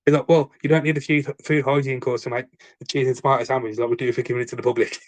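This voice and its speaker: A man's voice: mid-range voice, very fast, no room sound. A man with a West Midlands accent co-hosting a podcast, telling an anecdote in casual chat and acting out the people in it, laughing often. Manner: animated storyteller acting out quoted dialogue, laughs often. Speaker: podcast co-host.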